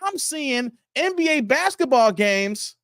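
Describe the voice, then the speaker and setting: A man hosting a casual live stream, talking in loose slang, greeting viewers by name and getting animated as he riffs. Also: slow pace, no room sound, studio quality. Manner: animated, jumps high in pitch when worked up.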